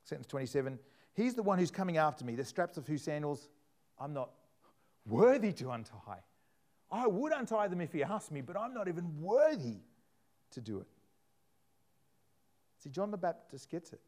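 A man preaching a sermon, animated, acting out scripture in different voices. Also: a little high, moderate pace, long pauses.

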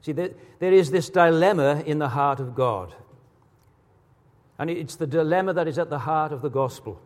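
A man preaches a sermon, his fairly high voice lifting into emphatic peaks. He keeps asking the congregation rhetorical questions. The sound carries a long reverb from the church hall. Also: moderate pace.

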